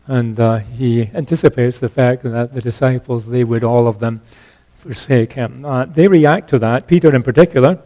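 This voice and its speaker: A man's voice: medium pitch, normal speed, mellow, poor audio. A man preaching an earnest expository sermon, reading scripture and explaining it with emphatic stresses. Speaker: pastor.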